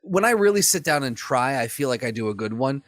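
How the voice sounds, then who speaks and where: Lively man joking on a podcast. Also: medium pitch, fairly quick, no room sound. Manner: animated, joking, laughs often. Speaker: podcast co-host. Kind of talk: casual chat.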